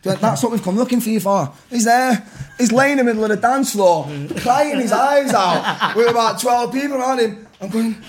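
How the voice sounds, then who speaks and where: A man in his thirties with a Manchester accent, telling rowdy stories on a podcast, animated and laughing as he acts out voices. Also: very high-pitched, brisk, a little hiss or hum. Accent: Mancunian. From Manchester, England. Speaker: podcast guest, rapper. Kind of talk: casual storytelling chat.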